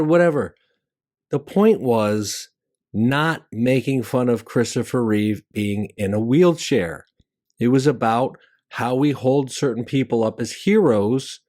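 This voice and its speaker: A middle-aged man, a stand-up comedian and show host, telling stories about the craft in a conversational monologue that leaps up in pitch for punchlines. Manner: animated storyteller who jumps high in pitch for punchlines; conversational, with fillers and restarts.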